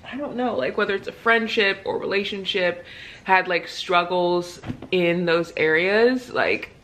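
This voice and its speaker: Chatty thirty-year-old woman, slightly low voice. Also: a little slow, a bit bright, distant mic, slight background noise, rough recording. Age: 30s. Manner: chatty, fillers of "like" and "literally". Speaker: book vlogger. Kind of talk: casual chat to camera.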